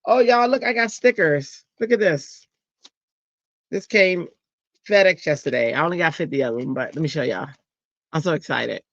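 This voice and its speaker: Bright, excitable woman streaming live. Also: deep voice, brisk, creaky, no echo, lo-fi sound. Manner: excitable and chatty, often bursting into giddy squeals. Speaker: craft livestream host. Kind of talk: casual live chat to viewers.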